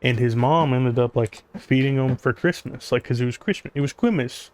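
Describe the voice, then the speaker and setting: A man's voice: medium pitch, moderate pace. A man giving casual commentary over gameplay. He rambles, fills his talk with "like," and makes sarcastic jokes. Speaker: gaming YouTuber.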